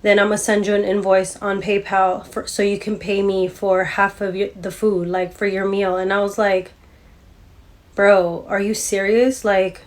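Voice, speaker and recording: A woman's voice: medium pitch, level tone, unhurried. A woman telling a story about a date in a casual, exasperated rant, mimicking the people she quotes. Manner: exasperated, mocking quoted voices.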